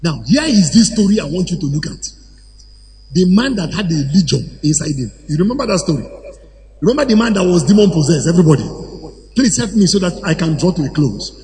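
A man preaching a sermon to a congregation, animated and at times shouting or chanting phrases. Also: high voice, brisk. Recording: hall reverb with faint ambience.

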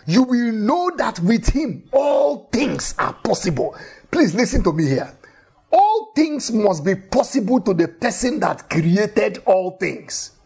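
A man's voice: high voice, a little mellow, breathy edge. A man preaching a sermon in an emphatic way, repeating key phrases for effect and telling Bible stories with animation.

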